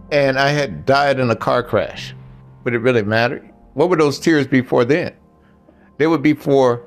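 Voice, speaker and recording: An older man giving blunt relationship advice in a casual monologue, talking straight to the men listening and telling stories along the way. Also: mid-range voice. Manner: blunt, storytelling, talks straight to the guys.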